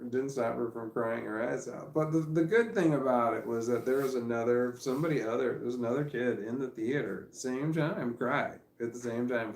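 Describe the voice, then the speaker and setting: This middle-aged vlogger has a mid-range voice with vocal fry. Recording in an echoey room, he tells a meandering story for a casual vlog, frequently laughing partway through sentences.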